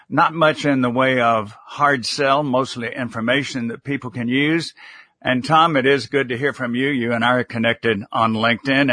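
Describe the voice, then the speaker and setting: A man with a bright, forward voice talks in a measured, instructive way about public speaking. He adds light touches of humor as a guest on a live interview. The sound is dry and close, with no room echo. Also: medium pitch. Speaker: communication consultant and author. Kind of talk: live-stream interview guest giving advice.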